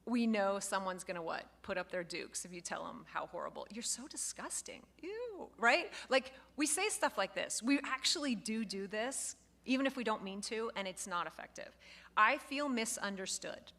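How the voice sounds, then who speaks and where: A woman instructor giving a lively lecture to a live class, acting out example phrases as she goes. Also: mid-range voice, moderate pace, gravelly. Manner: lively, expressive, acts out quoted phrases.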